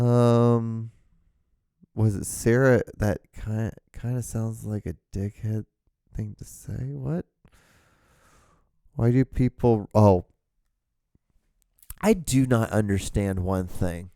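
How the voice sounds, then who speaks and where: A man's voice: on the low side, slow, dark tone, smooth, no echo, studio quality. A man in his thirties hosting a podcast alone, rambling casually with lots of fillers, restarts and swearing. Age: 30s. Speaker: podcast host.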